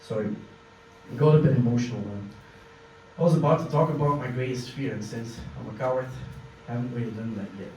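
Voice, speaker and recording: A man's voice: mid-range voice, fast talker, a little hiss or hum. Raw young man on stage, echoey and distant. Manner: intense, raw and confessional, swinging from quiet to shouting. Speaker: solo stage performer. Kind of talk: one-man stage monologue. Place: small basement venue. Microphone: phone filming from the audience. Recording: echoey, distant phone recording in a room.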